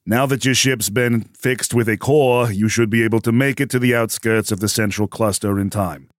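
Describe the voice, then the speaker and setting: Deadpan low-voiced man running a tabletop game. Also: moderate pace, no echo, clean studio sound. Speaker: game master. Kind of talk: narrating and voicing a clerk in a tabletop game.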